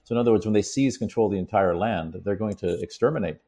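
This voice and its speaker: A man talks through the background in an easy conversational way, pausing to read quotations with weight. His voice is dark and mellow, with a husky edge. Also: fairly low pitch. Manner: explanatory, reads quotes aloud with emphasis. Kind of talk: conversational commentary.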